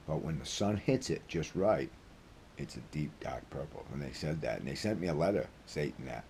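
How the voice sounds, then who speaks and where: Deep-voiced Maine man in his sixties. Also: darkish tone, slight background noise. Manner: rambling, folksy, swears freely. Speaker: vlogger. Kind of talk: casual storytelling.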